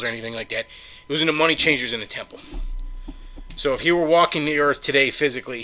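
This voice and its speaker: This podcast host, a man, has a medium-pitched voice that sounds pushed and bright. He rants heatedly on his own, profane and sarcastic, peppering it with frequent swearing and sarcastic rhetorical questions.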